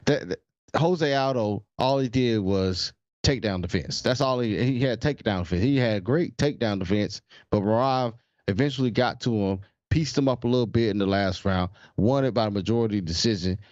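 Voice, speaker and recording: A man's voice: lowish voice, normal speed, a little mellow, no room sound, lo-fi sound. A man co-hosting a podcast in casual sports chat, laid-back and slangy, often restarting his sentences. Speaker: podcast co-host.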